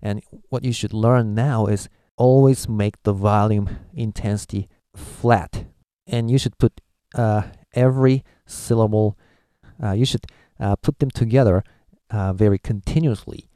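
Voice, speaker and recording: A man's voice: on the low side, fairly even intonation, a little slow, mellow, no room sound, clean studio sound. A man from Japan, a native Japanese speaker with a Japanese accent, giving a casual language lesson, hesitant with many filler uhs as he sounds out syllables. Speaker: language teacher.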